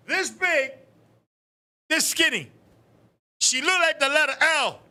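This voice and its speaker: Male live-stream host with a very high, piercing voice. Animated, swears freely, laughs a lot. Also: slow. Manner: animated, profane storytelling with frequent laughs. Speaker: talk show host. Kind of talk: casual live-stream chat.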